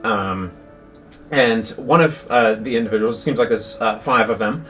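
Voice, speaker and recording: A man narrating as game master with a relaxed, halting delivery full of fillers. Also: lowish voice. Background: faint music.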